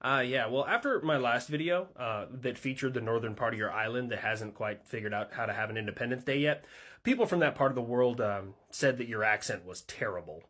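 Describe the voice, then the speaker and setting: A man voicing a laid-back California man who talks slow and low-key. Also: fairly bright tone, natural voice. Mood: mellow.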